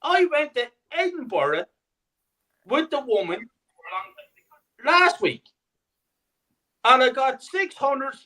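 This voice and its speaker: A man's voice: very high voice, big pitch swings, takes it slowly, pauses often, bright, forceful tone, low-quality recording. A man talking as a guest on a fan podcast, indignant and sweary, with emphatic points. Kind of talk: podcast discussion.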